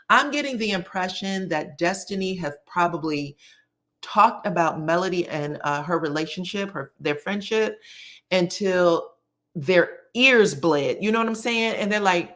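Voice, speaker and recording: A woman's voice: fairly low pitch, a little slow. A young woman giving a casual, slangy recap of a reality TV episode, acting out the lines she retells. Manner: animated, slangy, acts out the quotes she retells. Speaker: YouTube reality TV reviewer.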